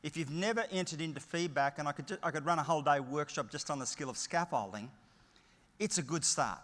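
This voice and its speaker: Delivering a conference keynote, this middle-aged Australian speaks a little fast in a fairly high, fairly bright voice. His motivational talk is story-driven and emphatic, built on short punchy phrases, and the large hall adds long reverb.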